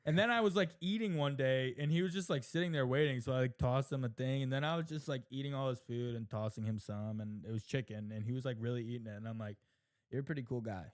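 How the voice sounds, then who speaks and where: A young man chatting casually as a podcast co-host, telling animated stories full of swearing and laughter. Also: mid-range voice, fast, few pauses, smooth. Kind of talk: casual chat.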